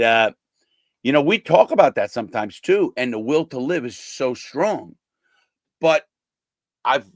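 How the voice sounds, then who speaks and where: A man's voice: mid-range voice, dry recording. An older man, a former prisoner, talking bluntly and casually to his viewers, swearing and acting out the people he quotes.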